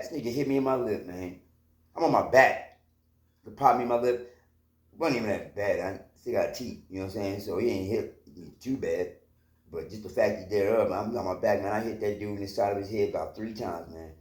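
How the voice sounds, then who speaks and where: A man's voice: fairly low pitch, fairly quick, a little mellow. A man casually telling a personal story from his own life, rambling, with lots of fillers and swearing. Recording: roomy echo.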